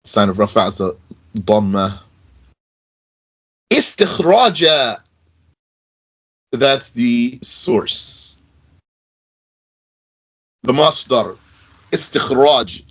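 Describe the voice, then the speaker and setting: A man teaching an Arabic grammar lesson in a casual way, slowly repeating verb forms aloud with fillers like "you know". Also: mid-range voice, sing-song, fairly bright tone, slightly rough, poor audio. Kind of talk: recorded lesson.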